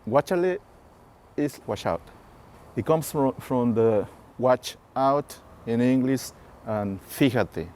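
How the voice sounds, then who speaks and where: Man talking real slow n halting, low mellow voice, bit of noise behind. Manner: slow, halting, searching for words. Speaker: interviewee. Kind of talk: explanatory interview talk.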